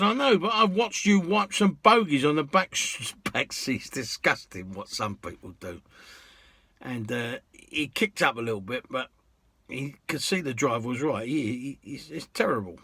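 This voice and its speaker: A man's voice: mid-range voice, fairly bright tone, slightly rough, no room sound. A man, a cab driver, chatting through funny anecdotes in a rambling way and chuckling at his own stories. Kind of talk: casual anecdote storytelling.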